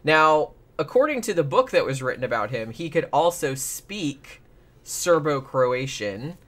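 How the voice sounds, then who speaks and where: Give me a man hosting a casual podcast, chatty and rambling, with a bright tone. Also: fairly high pitch, lively intonation, a little slow. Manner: rambling, lots of "like" and restarts. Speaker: podcast host. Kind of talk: casual true-crime podcast chat.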